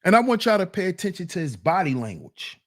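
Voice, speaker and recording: A man hosting a solo commentary show, reacting to a clip with teasing, drawn-out rhetorical questions. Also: high voice, very animated, a bit bright. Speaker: commentary channel host.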